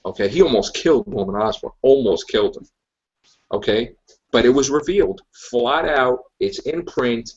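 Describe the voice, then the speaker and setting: A man's voice: medium pitch, moderate pace, lo-fi sound. A man hosting a casual podcast chat, ranting emphatically and repeating his points. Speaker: podcast host.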